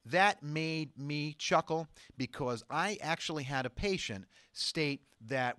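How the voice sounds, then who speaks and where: A man's voice: fairly high pitch, unhurried, hardly any pauses, pushed and bright, dry recording, clean studio sound. A man hosting his own talk show as a doctor, speaking emphatically and insistently and reading viewer emails aloud. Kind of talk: studio talk show monologue.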